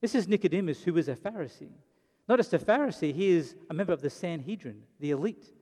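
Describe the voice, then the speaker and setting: This pastor's sermon is animated and quick, told dramatically as a story with brief impressions of the people in it. His mellow voice sits slightly high for a man, and a large hall lends long reverb.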